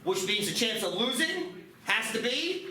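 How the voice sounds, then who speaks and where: Animated, joking male math teacher. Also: extremely high pitch. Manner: lively, joking, quick asides to students. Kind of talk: classroom teaching. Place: classroom. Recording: roomy classroom, mic at a distance, background noise.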